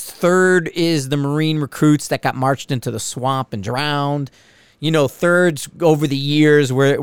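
A man's voice: a little high, clean tone, dry recording. Rambling, profane male podcast host. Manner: rambling, profane, stop-start. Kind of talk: casual monologue.

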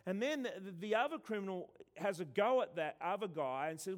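Guy preaching, kinda high voice, punchy then goes quiet, repeats words a lot. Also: expressive, a little fast, few pauses. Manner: emphatic, swings between loud and hushed, stumbles and repeats. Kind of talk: sermon.

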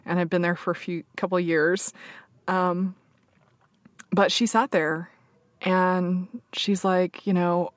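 Woman with a lowish voice, open personal storyteller, near tears, dry recording. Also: level tone, slow pace, pauses often, no echo. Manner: open and reflective, many fillers, laughs softly. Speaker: supervisor telling a personal story.

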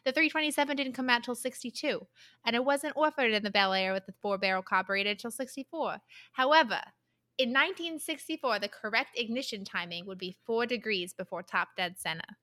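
A woman's voice: on the high side, brisk, bright, forceful tone. A woman doing a brash New Jersey mechanic. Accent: New Jersey, put on. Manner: clipped, listing car jargon.

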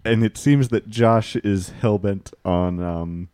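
A man's voice: lowish voice, slow pace, dark tone, dry recording. A man hosting a casual group chat, wry and teasing.

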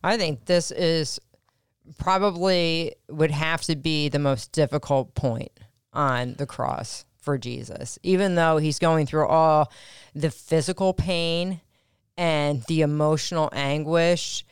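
A woman co-hosting a casual faith podcast with her husband, speaking calmly and reflectively. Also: low-pitched, slow pace, clean tone, dry recording, clean studio sound. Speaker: co-host, host's wife.

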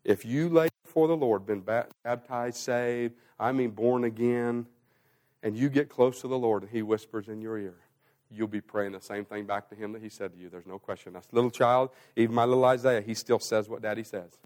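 A man preaching a sermon as pastor, swinging between loud, rising emphasis and hushed, slow passages. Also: mid-range voice, fairly even intonation.

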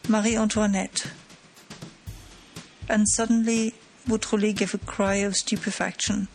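A woman narrates a classic mystery audiobook at a middle pitch. Her telling is measured and dramatic. Soft music plays faintly in the background. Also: level tone, rough recording. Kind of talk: scripted narration.

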